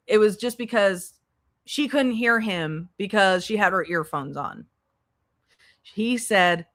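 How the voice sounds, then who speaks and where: Slow-talking sarcastic woman streamer. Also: mid-range voice, fairly bright tone. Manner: sarcastic, exasperated, swears. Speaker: commentary channel host. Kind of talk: livestream commentary.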